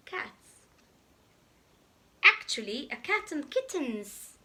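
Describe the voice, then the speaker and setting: A woman reads a children's picture book aloud, slowly and with care, talking straight to the little listeners. Her voice is high and bright, and it swoops all over with lively energy. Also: slight background noise. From Malta. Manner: animated, playful, talks to the children directly. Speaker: children's storyteller.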